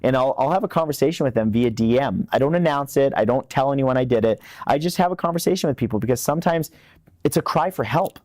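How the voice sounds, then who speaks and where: A man's voice: medium pitch, expressive, quick pace, darkish tone, no room sound, studio quality. A man, speaking earnestly as an interview guest and repeating words when stressing a point. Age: 30s. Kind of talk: candid interview talk.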